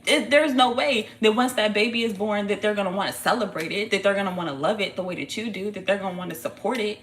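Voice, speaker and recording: A woman's voice: medium pitch, quick pace. Blunt, slangy woman reading tarot. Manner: blunt, profane, animated, slangy. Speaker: tarot reader.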